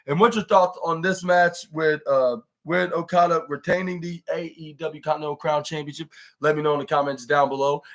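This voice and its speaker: A man's voice: fairly high pitch, fairly bright tone. A man hosting a podcast, giving a casual, rambling play-by-play recap with many restarts and fillers. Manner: acts out wrestlers' lines in raised voice. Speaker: podcast host reviewing wrestling.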